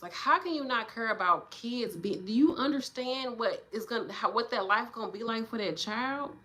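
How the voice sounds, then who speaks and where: Bright-voiced nurse woman ranting to viewers. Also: on the high side, normal speed, hardly any pauses. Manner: animated, preachy, talks straight to viewers with "y'all" and "child". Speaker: nurse livestreamer answering viewer questions. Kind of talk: casual livestream chat.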